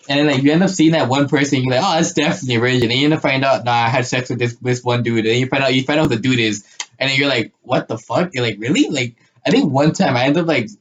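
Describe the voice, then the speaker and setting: A man's voice: medium pitch, muffled recording. A young man co-hosting a podcast, telling crude stories in a rambling way, with lots of fillers and frequent laughter. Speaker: podcast co-host. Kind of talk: casual chat.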